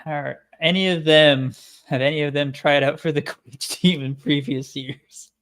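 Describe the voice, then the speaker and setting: A man's voice: a little high, steady tone, moderate pace, a bit bright. A man playing in a tabletop game, thinking aloud hesitantly about his character's choices. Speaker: player. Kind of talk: casual tabletop chat.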